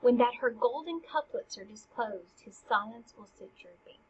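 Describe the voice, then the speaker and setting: A weary queen mother fretting over her son, as a woman reads her out. the voice is a little high and husky. the recording is lo-fi and dull. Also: expressive, normal speed. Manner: paraphrases formal lines in slang.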